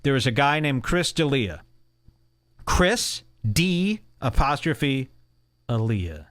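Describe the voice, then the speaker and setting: A man's voice: medium pitch, very animated, slow pace, fairly bright tone, no echo. A man hosting a podcast, ranting casually with a mocking, profane edge. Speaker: podcast host.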